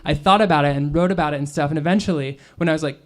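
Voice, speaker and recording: A woman's voice: low voice, rapid-fire, hardly any pauses. A woman author reading her own novel aloud at a bookstore, in a casual, profane, conversational first-person voice. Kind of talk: live fiction reading.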